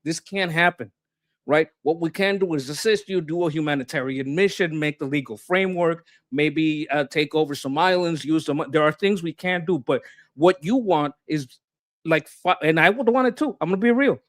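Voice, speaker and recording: A man's voice: a little high, normal speed, dry recording, clean studio sound. A man arguing his political views with heat, swearing and repeating himself as he gets worked up. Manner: impassioned, swearing, repeats words when worked up. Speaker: co-host. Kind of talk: heated political discussion.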